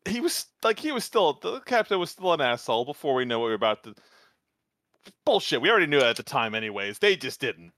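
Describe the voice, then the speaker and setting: A man co-hosting a casual chat, excited and laughing as he jumps in with quick remarks. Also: medium pitch, no echo, studio quality. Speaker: podcast co-host reacting to an anime episode.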